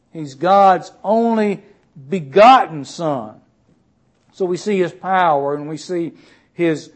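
A man preaching a sermon in an earnest, emphatic way, stressing key words loudly and then dropping quiet. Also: a little high. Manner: earnest, emphatic, swings between loud stresses and quiet drops.

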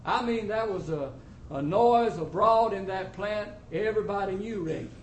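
A man's voice: high-pitched, moderate pace, slight background noise. A man preaching a testimony sermon to his church, telling the story in a folksy way with plain country grammar. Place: church congregation. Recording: roomy echo with faint ambience.

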